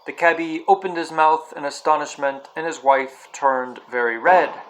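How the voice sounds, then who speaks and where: A man reading a novel aloud in a calm storytelling way, with his own asides. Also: on the high side, normal speed, poor audio. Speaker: reader.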